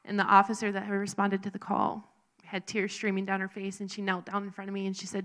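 A woman telling her personal faith testimony in an earnest, halting, emotional way. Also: mid-range voice, monotone, a bit bright. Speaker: speaker sharing a recovery testimony.

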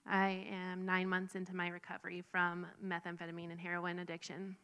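A woman in her twenties giving a personal testimony, soft-spoken and nervous. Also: lowish voice, completely flat delivery, fairly quick, clean tone. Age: 20s.

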